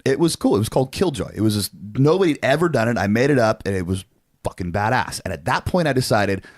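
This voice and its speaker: A man in his forties, co-hosting a podcast, telling a story in a casual, animated way with lots of swearing and fillers. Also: mid-range voice, fast talker, dry recording. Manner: animated, profane, frequent fillers. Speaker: podcast co-host.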